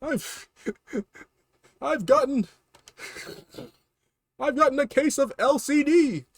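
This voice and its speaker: A man on a game stream voicing a needy, tearful adult male plumber brother in a weird, shaky, high voice that breaks into sobs. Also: extremely slow, no room sound, exaggerated voice. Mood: whiny. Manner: wailing, pleading, cracking into sobs. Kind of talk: comedic character voice on a game stream.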